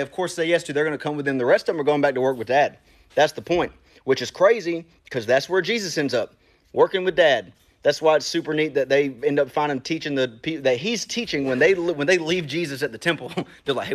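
With a mid-range voice, a man preaches to his congregation in a casual, animated way. He talks to them directly, as if in conversation.

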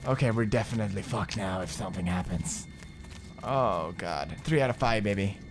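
A man's voice: on the low side, normal speed, over music. A young man in his twenties giving jumpy, swearing commentary while playing a horror game. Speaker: gamer commentator.

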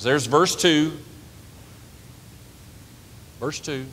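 A pastor preaching in a lively, conversational way, drawing the congregation in with question after question. His voice carries the long ring of a big church hall, with a faint low rumble underneath. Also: slow, long pauses. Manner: lively, talks with the congregation, asks questions and laughs. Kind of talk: sermon. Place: church sanctuary.

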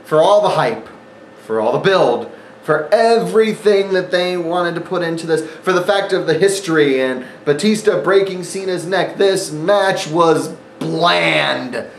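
A man talks through a casual review monologue in a sarcastic, rambling way, full of ums and uhs. His voice sits a touch high for a man. The recording is roomy, with faint ambient noise underneath. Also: normal speed. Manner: sarcastic, rambling, frequent fillers. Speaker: wrestling event reviewer, channel host.

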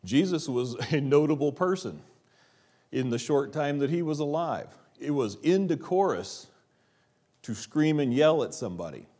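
A man preaching a church sermon, asking rhetorical questions and dropping his voice low for quiet emphasis. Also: expressive, normal speed. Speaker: pastor. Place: church sanctuary.

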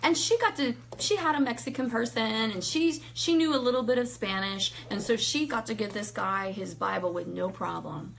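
A woman in her thirties sharing a personal faith testimony in casual conversation, animated, acting out quotes and laughing often. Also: fairly high pitch, normal speed, creaky, hardly any pauses.

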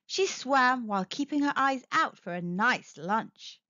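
A woman narrating a read-aloud storybook for children, sing-song and expressive as she talks straight to kids. Her voice is high and swoops widely at an unhurried pace. The recording is dry and a bit dull. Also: dry recording.

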